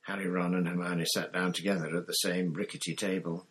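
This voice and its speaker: A low-voiced man narrating a storybook in a plain, unhurried reading. He carries on steadily through the odd slip. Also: level tone, fairly bright tone, slightly rough. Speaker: reader.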